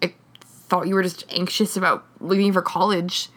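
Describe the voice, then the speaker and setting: A woman's voice: lowish voice, flat delivery, normal speed, a bit bright. A woman reading the lines of a playful, teasing young man in a story.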